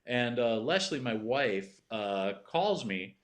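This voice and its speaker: A middle-aged TV writer, guesting on a podcast, tells a comedic story in a rambling, anecdotal way packed with "like" fillers and swearing. His mid-range voice has lively intonation and a slow pace.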